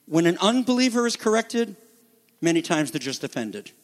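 A middle-aged man preaching a sermon in an animated way, acting out the voices he quotes. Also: high voice, moderate pace. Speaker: pastor.

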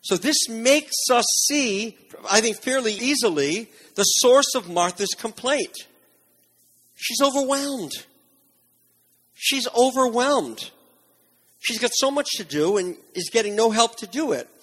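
A man preaching a sermon, earnest and emphatic, dropping into softer reflective passages. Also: sits high, lively intonation, normal speed. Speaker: pastor.

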